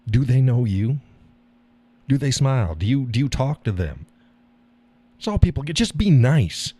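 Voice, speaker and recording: Blunt, animated man talking casually. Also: medium pitch, moderate pace, slightly rough. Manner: blunt, profane, laughs often. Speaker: live stream host. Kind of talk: casual monologue. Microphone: audio call or stream mic.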